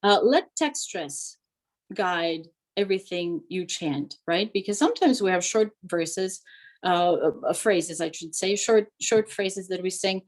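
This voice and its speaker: A woman's voice: on the low side, animated, a little slow, rough recording. A woman teaching liturgical chant in an online workshop, explaining tones, breaking into short sung examples and checking in with "right?". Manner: frequent fillers and "right?" checks. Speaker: chant instructor.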